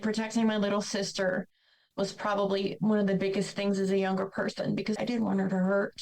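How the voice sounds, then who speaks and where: A woman's voice: medium pitch, darkish tone, low-quality recording. Podcast guest, woman from Ohio, young adult, candid storyteller who acts out remembered conversations. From Ohio, USA. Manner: earnest, acts out quoted dialogue.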